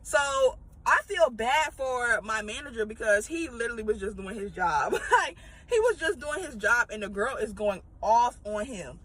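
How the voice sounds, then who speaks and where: A woman's voice: a little high, sing-song, moderate pace, fairly bright tone, rough recording. A woman, a former retail manager, telling a casual storytime with profanity and rambling asides.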